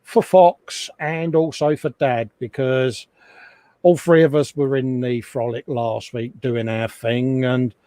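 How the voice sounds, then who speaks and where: A man's voice: mid-range voice, fairly even intonation, slow pace, warm tone, dry recording. A middle-aged man hosting a casual live chat from his hobby workshop, chatty and self-mocking, often laughing at himself. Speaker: livestream host. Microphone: desk microphone.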